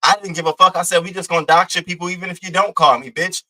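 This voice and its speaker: A man's voice: sits high, fairly even intonation, fast, sharp tone, poor audio. A young man hosting a livestream, delivering brash, profane, taunting trash talk at a rival. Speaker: live-stream host. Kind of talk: heated livestream rant.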